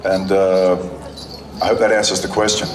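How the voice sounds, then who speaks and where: A male actor on stage as a guest on an outdoor convention panel in the sun tells reflective stories to a crowd of fans. His voice is low and level at a moderate pace, and his long, winding sentences often restart. The recording sounds echoey and distant, with crowd noise.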